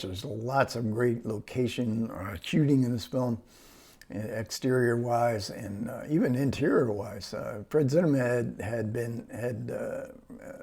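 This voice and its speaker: A man's voice: medium pitch, dark tone, breathy edge. A man giving a casual spoken film review, rambling and hesitant, with many fillers, restarts and small chuckles. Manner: chuckles between phrases.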